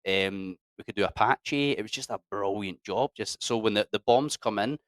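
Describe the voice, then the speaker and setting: A man in his thirties with a Scottish accent, an interview guest telling his army story in casual, animated talk and acting out the people he quotes. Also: lowish voice, moderate pace, no room sound, studio quality. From Scotland. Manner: animated, acts out quoted dialogue, swears freely.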